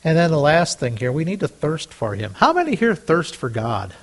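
A man preaching a conversational sermon, reading scripture aloud, with frequent restarts and louder, higher bursts when voicing prayers. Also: very animated, normal speed. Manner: rises loud and high on prayers. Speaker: pastor.

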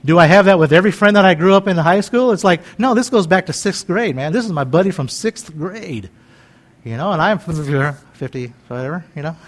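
A man's voice: sits high, expressive, a little fast. A man in his fifties preaching in a folksy, conversational way, joking and wandering into chatty asides. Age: 50s. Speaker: pastor.

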